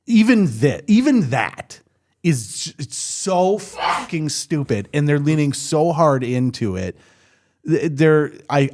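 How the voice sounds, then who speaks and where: A man co-hosting a podcast in casual chat, animated, cursing freely and often restarting his sentences. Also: mid-range voice. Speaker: podcast co-host.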